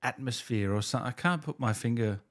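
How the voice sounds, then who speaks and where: A man's voice: medium pitch, fast. A man in his thirties hosting an interview, talking in an easygoing, enthusiastic way. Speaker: podcast host. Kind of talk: casual interview chat.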